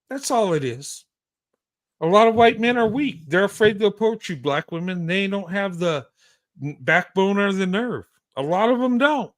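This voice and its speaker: Male host, high voice, heated and blunt, lots of stammered restarts. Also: a bit bright. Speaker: show host. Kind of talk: impassioned live-show commentary.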